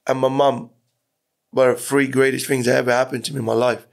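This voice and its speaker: The same kind of interview features a middle-aged man from Iran speaking a little fast in a creaky, mid-range voice with little pitch movement. As a podcast guest he rambles through his story openly, cursing frequently.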